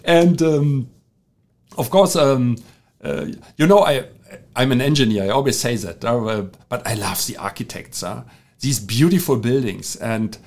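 A middle-aged man with a German accent, a podcast host and engineer talking casually, halting with many fillers and restarts. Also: medium pitch, a little mellow. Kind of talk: casual monologue.

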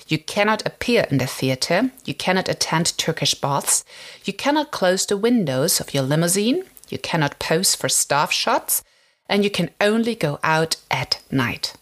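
A woman's voice: on the low side, measured pace. Chatty woman telling film history. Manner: chatty, frequent "like" fillers, animated emphasis. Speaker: podcast host. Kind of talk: casual history storytelling.

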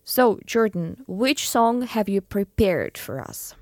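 A woman hosting a radio show, asking a guest questions in a deliberate, chatty way. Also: medium pitch, sing-song, a little mellow, dry recording, clean studio sound.

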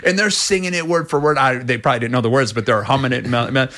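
Middle-aged male rock singer, interview guest, bright and forceful tone, loose rambling storyteller. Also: rapid-fire. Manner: rambling, many restarts, acts out quotes in a much higher voice. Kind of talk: animated casual interview storytelling.

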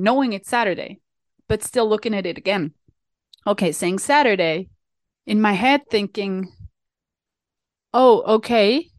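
This young vlogger from Switzerland has a medium-pitched voice, recorded without any room sound. She talks informally to her audience, spinning a self-mocking tale packed with fillers and restarts.

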